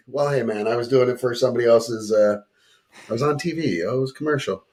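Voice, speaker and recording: A man's voice: medium pitch, a little fast. A man hosting a casual chat show, joking around and reading sponsor plugs. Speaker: talk show host.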